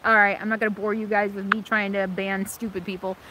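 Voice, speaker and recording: A woman's voice: mid-range voice, flat delivery, a little fast, background noise. A middle-aged woman hosting a casual livestream from her RV, chatting and reading viewer comments, laughing often and poking fun at herself, with sinus trouble from allergies. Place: in an RV in Alaska.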